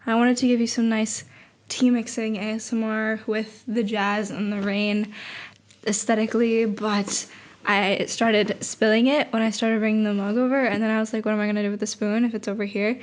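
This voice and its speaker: A young woman vlogging casually, rambling softly and sometimes dropping to a whisper. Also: mid-range voice, flat delivery, normal speed. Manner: soft, rambling, drifts into whispers. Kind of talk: casual late-night vlog chat.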